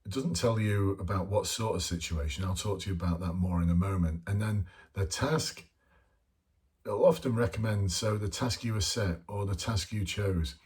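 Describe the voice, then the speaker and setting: A man's voice: lowish voice, moderate pace, darkish tone. A man talking casually and bluntly as a police interview coach, informal and chatty, with mild swearing. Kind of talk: casual spoken lesson to camera.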